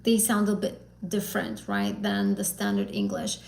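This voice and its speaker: A woman's voice: mid-range voice, big pitch swings, moderate pace, creaky, darkish tone, roomy sound, slight background noise, rough recording. A woman teaching an exam prep lesson on a live stream, talking casually and encouragingly with fillers and self-corrections. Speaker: IELTS teacher.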